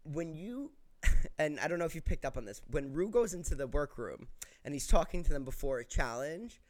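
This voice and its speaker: A speaker in casual chat, joking and lively. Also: mid-range voice, moderate pace. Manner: animated, joking.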